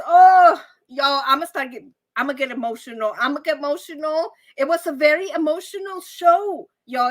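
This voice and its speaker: A woman hosting a casual live stream, chatting warmly and animatedly with viewers and calling them y'all. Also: high voice.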